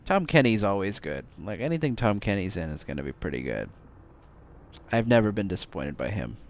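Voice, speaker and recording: A man's voice: on the low side, sing-song, fairly quick, lo-fi sound, slight background noise. A young man streaming a video game, chatting casually and rambling with lots of fillers and silly outbursts. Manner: rambling, jokey, frequent "like" and "um", bursts into silly exclamations. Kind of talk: casual live gameplay commentary.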